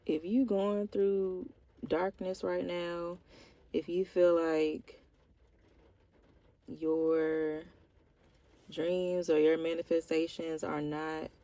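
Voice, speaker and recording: A young woman vlogger speaks slowly and thoughtfully. Her voice is low, dark and gravelly. She talks candidly and heartfelt, with casual slang. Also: level tone, dry recording. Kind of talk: candid personal check-in.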